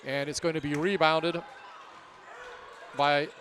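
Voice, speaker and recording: A man announcing a basketball game play by play, getting loud and excited during plays. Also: on the high side, slow pace, slight background noise. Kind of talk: live basketball commentary.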